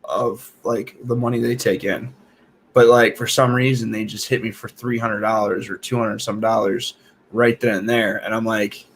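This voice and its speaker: A man in casual conversation who speaks haltingly, repeating words and dropping in casual slang. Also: fairly low pitch, flat delivery, slight background noise. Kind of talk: casual chat.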